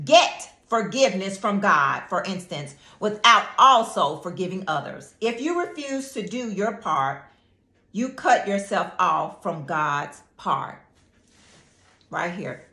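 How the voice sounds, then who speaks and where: A woman's voice: lowish voice, lively intonation, slow, sharp tone. A woman preaching a devotional sermon and prayer, emphatic, repeating phrases and calling on listeners to say words back. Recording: echoey room with faint music.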